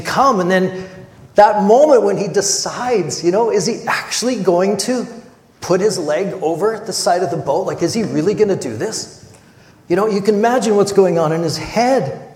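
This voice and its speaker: A man preaching a sermon as pastor, earnest and conversational, acting out scenes with animated retellings. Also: high voice. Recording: echoey hall with long reverb.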